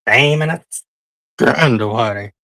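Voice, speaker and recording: A man's voice: medium pitch, measured pace, gravelly, bright, forceful tone, dry recording. A man hosting a casual livestream, talking in a sassy, drawling way and calling his listeners honey and child. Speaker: livestream host.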